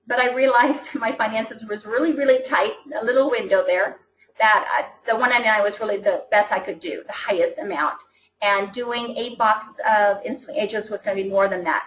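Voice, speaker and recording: A team coach, chatty and enthusiastic, leads a casual training call, tripping over words and starting again as she goes. Her fairly high voice has a fairly bright tone, and the recording echoes like a roomy space.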